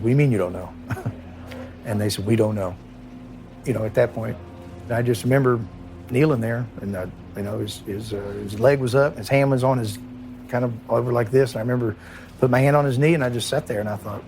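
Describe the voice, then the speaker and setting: Emotional retired police chief, halting. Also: male voice, medium pitch, a little mellow, faint music behind. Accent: Kentucky. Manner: halting, emotional, many restarts and trailing off. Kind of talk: recorded interview recollection.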